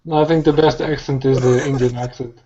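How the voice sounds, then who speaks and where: Dark mellow male voice, laid-back jokes, muffled call line. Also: mid-range voice, steady tone, fairly quick, a little hiss or hum. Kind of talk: casual group call chat. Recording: muffled online call audio.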